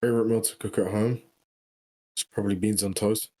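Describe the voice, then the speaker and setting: A man's voice: fairly low pitch, fairly even intonation, brisk, warm tone. A man with a British accent, a podcast guest, talking in a laid-back, rambling way. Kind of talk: casual chat.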